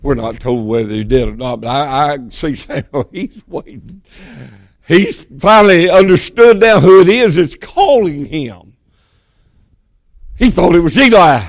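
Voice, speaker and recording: Folksy preacher, high voice. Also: male voice, expressive, unhurried, no echo. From Georgia, US. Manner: folksy storytelling, swings between emphatic and hushed. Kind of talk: sermon.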